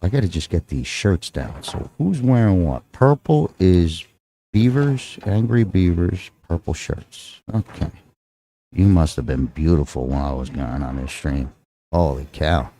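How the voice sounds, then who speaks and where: A deep-voiced man with a Texan accent commentates live pool, his tone dark and relaxed. He rambles casually and teases his partner between shots. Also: unhurried, a little hiss or hum. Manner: rambling, joking with his co-host.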